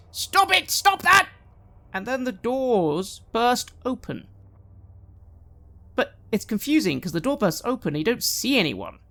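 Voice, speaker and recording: Brief: woman game master, lowish voice, lively pitch, measured storytelling. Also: creaky. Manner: descriptive, measured narration. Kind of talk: narrating a tabletop game.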